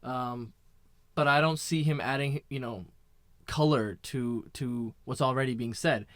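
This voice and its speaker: A man co-hosting a casual sports podcast, talking in a measured way full of you know and right. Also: medium pitch, a bit bright, no echo. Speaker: podcast co-host.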